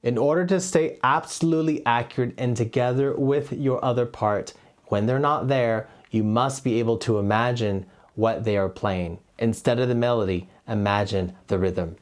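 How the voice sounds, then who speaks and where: A man's voice: medium pitch, fairly even intonation, moderate pace. A man teaching a cello lesson, explaining rhythm steadily and counting beats aloud on a lapel mic. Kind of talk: music lesson. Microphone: lavalier.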